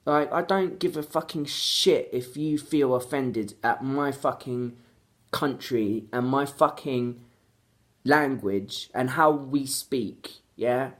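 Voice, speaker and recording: A woman's voice: rumbling low, takes it slowly. A woman from London with a London accent, ranting angrily to camera in a vlog and swearing heavily as she repeats her complaints. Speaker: vlogger. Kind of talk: angry vlog rant.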